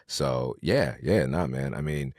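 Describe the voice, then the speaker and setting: A man co-hosting a podcast, telling stories in a slangy, animated, casual way. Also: very deep voice, a little slow, no room sound, clean studio sound. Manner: slangy, animated storyteller with restarts. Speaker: podcast co-host. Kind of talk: casual storytelling chat.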